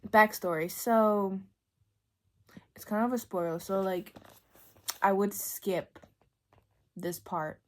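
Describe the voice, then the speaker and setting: A woman giving a casual book talk as a vlogger, ranting in an animated, exasperated way with lots of fillers and bursts of laughter. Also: mid-range voice, slow, pauses often, a little hiss or hum. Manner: breaks into laughter.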